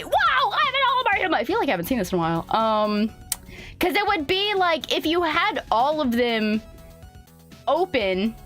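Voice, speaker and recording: High-voiced rambling young woman streamer. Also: fairly bright tone. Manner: rambling, filler-heavy, laughs often, reads chat aloud. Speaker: VTuber streamer. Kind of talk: casual live-stream chat.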